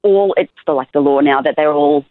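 A woman's voice: low voice, brisk, dry recording. A woman in her thirties with an Australian accent, chatting casually as a podcast co-host and telling stories with laughs. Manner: chatty, animated storytelling with laughs. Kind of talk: casual chat. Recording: tinny phone-like line.

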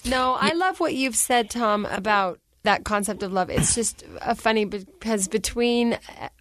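A woman's voice: a little high, a little slow. A woman in her forties hosting a podcast in a studio, telling stories candidly and expressively. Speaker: podcast host. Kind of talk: podcast conversation. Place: recording studio.

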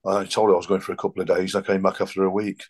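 Middle-aged man, very deep monotone, unpolished guest. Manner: halting, plain-spoken. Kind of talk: casual chat.

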